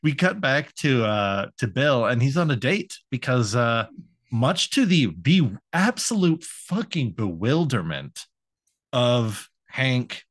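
Male co-host, unhurried recap delivery, dry close-mic sound, hesitant and easygoing. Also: mid-range voice, very animated, no echo. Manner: hesitant, lots of uh and um, quick to laugh. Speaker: podcast co-host. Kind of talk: casual chat recapping a cartoon episode.

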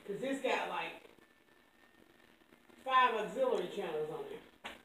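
A woman explaining in a frustrated, hurried way that she could not get a device to work. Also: mid-range voice, expressive, pushed and bright, slight background noise. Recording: echoey and far from the mic.

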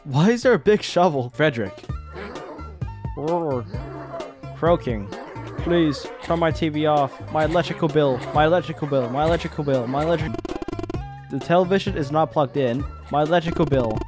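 A man giving let's-play commentary on a game, excitable and exclaiming with frequent laughs. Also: fairly high pitch, normal speed, over music. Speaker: gaming YouTuber.

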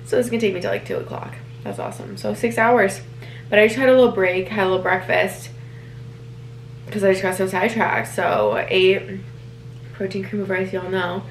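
A young woman talks straight to her phone camera in a loose, rambling vlog style, laughing as she goes. Her voice sits at a middle pitch, and noticeable background noise runs under the recording. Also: steady tone, brisk, vocal fry. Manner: chatty, rambling, laughs often. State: out of breath. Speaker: lifestyle vlogger. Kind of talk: casual vlog chat to camera.

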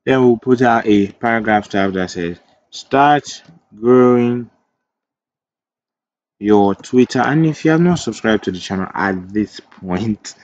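In a screen-recorded coding tutorial, a man with a fairly low voice teaches web development, thinking aloud as he types. He corrects himself and wanders into chatty tangents, and the recording is dry but lo-fi.

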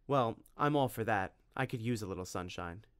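A man doing young girl, sweet, coaxing, high pitched, dry sound. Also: lively intonation, moderate pace, smooth, no room sound, natural voice.

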